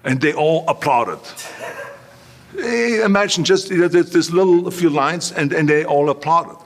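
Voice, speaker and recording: A man's voice: on the high side, a little slow. An older man, an interview guest who tells stories emphatically, often repeats himself and acts out dialogue. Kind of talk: anecdotal storytelling in an interview.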